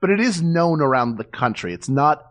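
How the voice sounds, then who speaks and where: A man's voice: fairly high pitch, animated, moderate pace, fairly bright tone. Playful, rambling podcast co-host man. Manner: playful, rambling, chuckles through jokes. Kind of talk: casual chat.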